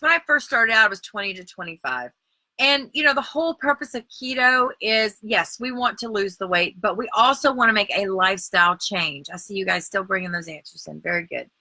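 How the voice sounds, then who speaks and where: Bright, chatty woman hosting. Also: fairly high pitch, dry recording. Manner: chatty, encouraging, reads out viewer comments. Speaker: keto workshop host. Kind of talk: live-stream workshop talk.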